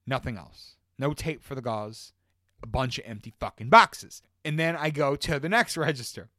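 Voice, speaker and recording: A man's voice: medium pitch, normal speed, no room sound, clean studio sound. A man co-hosting a casual podcast, telling a long story in a rambling, profane way. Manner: profane, rambling, animated retelling. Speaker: podcast co-host.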